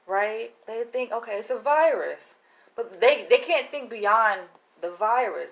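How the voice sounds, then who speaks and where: A woman from the United States vlogging casually to her small audience. She speaks with a slangy, emphatic, profane delivery, pressing her points in a conspiratorial tone. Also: medium pitch. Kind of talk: casual monologue to camera.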